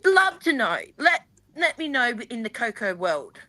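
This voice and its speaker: A woman co-hosting a sports fan podcast, chatty and animated, rambling with lots of fillers. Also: a little high, a little slow. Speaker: podcast co-host. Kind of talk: casual fan panel chat.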